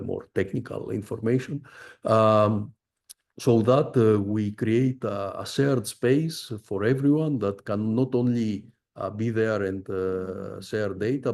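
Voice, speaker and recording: Middle-aged male professor presenting research, dark mellow voice, halting delivery full of "uh"s. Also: on the low side, creaky. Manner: halting, frequent "uh" fillers. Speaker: visiting professor giving a research talk. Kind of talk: academic presentation.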